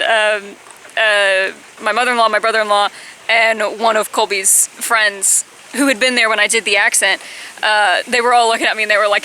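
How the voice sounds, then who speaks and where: A woman in her twenties telling a casual storytime on her vlog, chatty, with high-pitched bursts when she quotes herself. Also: bright, forceful tone, a little hiss or hum, low-quality recording. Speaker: vlogger.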